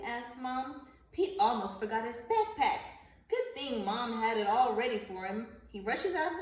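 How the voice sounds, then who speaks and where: A woman teacher giving a vocabulary lesson and reading a story aloud to children, speaking slowly and enunciating carefully, repeating words. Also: on the high side. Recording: roomy, echoey sound from a distance off the mic.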